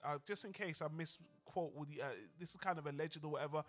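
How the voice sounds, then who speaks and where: A man co-hosting a casual podcast discussion, animated and heated, swearing freely. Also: on the high side, fast, soft background music. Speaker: podcast co-host.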